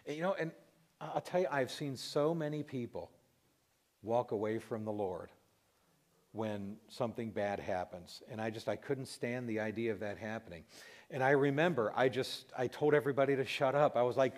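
Middle-aged man, heartfelt testimony, voice cracking with emotion, halting delivery. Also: mid-range voice. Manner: emotional, voice breaking, pausing and restarting. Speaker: Christian radio host telling a personal story.

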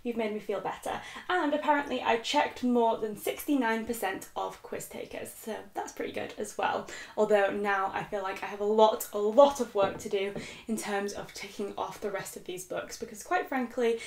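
A woman's voice: mid-range voice, steady tone, moderate pace, a little mellow. A young British woman vlogging about books, chatty and self-mocking as she reads a list aloud. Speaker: book vlogger. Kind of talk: casual chat. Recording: echoey room.

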